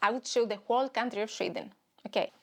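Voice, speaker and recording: A young woman from Greece with a Greek accent, hosting a comedy podcast in an animated, rambling way. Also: a little high, fast, creaky. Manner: animated, rambling, stop-start storytelling. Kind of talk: solo comedic podcast monologue.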